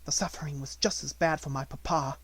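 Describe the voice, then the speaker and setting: A quiet, grave little orphan girl from a storybook, voiced by a male audiobook reader. She speaks softly and steadily, with an unbending calm. The sound is dry and close. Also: fairly high pitch, fairly quick, breathy edge, dry recording. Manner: soft, steady, unrelenting.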